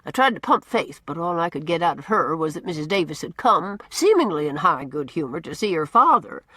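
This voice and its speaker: A woman voicing a brisk, outspoken older village woman with blunt, gossipy opinions. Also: low voice, big pitch swings, bright, forceful tone, no echo, exaggerated voice.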